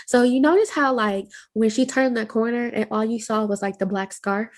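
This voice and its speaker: A woman co-hosting a podcast who tells personal stories in a chatty, animated way. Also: a little high, moderate pace. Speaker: podcast co-host. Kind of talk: casual storytelling.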